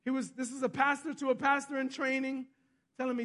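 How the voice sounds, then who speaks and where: Male pastor, sermon storyteller, very high voice, bright tone, hushed-to-loud delivery. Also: little pitch movement, brisk. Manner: storytelling, repeats himself, asks the congregation "Amen?"; swings between soft and loud.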